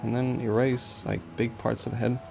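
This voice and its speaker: A man's voice: medium pitch, level tone, normal speed, gravelly, a little mellow, faint music behind. A young man chatting casually on a drawing stream, rambling and stammering, joking at his own expense. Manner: rambling, self-mocking, stammers with repeated I's. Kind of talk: casual live-stream chat while drawing.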